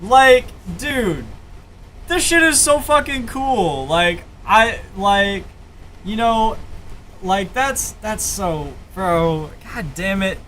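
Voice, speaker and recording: A man with a high, bright voice reacts to music on a live stream. He talks unhurriedly, swears freely and keeps saying bro and man in casual, hyped praise. The tone is loose and excitable. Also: extremely slow, a little hiss or hum. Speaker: streamer reviewing listener music.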